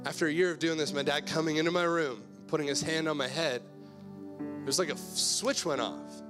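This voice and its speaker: A young adult man preaching a sermon as pastor, telling a personal story earnestly and moving between hushed and loud passages. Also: fairly high pitch, fairly even intonation, fairly quick, music in the background.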